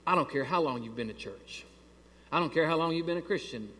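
A man preaching to his church, telling a story in an animated, exasperated way. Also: on the high side, brisk, a little hiss or hum. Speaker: pastor. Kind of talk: sermon with a storytelling aside. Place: church sanctuary. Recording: long hall reverb.

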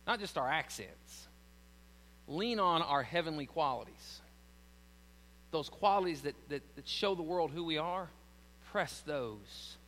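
A man's voice: on the high side, expressive, measured pace, pauses often, a bit bright, long reverb tail, low-quality recording. A man with a Southern American accent preaching a sermon as pastor, building to emphatic lines and then telling stories with frequent restarts.

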